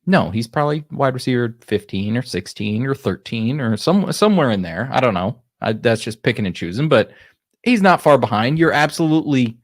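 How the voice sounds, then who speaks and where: A man co-hosting a fantasy football podcast in casual chat, talking in an offhand, hedging way. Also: medium pitch. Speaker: podcast co-host.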